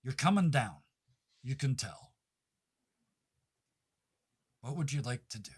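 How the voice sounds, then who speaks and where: A man running a tabletop game as game master, playful and quick to laugh, often stopping to correct himself. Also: medium pitch, expressive, slightly rough.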